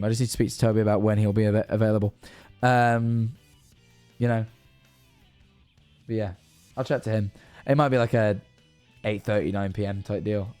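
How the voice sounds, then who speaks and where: Wrapping up his stream, an exhausted young host talks casually, wandering from thought to thought with the occasional curse. He speaks at a middle pitch, and his voice carries a somewhat dark color.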